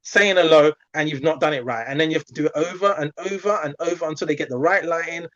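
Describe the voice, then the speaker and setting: Casting: male coach in a chatty video-call masterclass, slightly high voice, dull dry sound. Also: quick pace, no echo. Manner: chatty, animated, acts out examples. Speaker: community coach.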